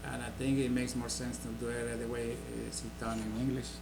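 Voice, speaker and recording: Gravelly-voiced man teaching a lesson. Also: mid-range voice, little pitch movement, background noise. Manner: explains slowly with many fillers and restarts. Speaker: language teacher. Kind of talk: casual spoken lesson.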